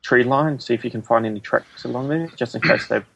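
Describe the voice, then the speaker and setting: A man's voice: mid-range voice, fairly quick, creaky, fairly bright tone. A man playing a tabletop role-play character, making polite and hesitant requests. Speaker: player. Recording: dull lo-fi sound.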